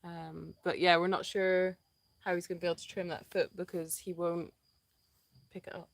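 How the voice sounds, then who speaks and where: A woman's voice: on the low side, little pitch movement, moderate pace, vocal fry, no room sound. A woman co-hosting a live stream from an animal sanctuary, who chats casually and reads out viewer questions.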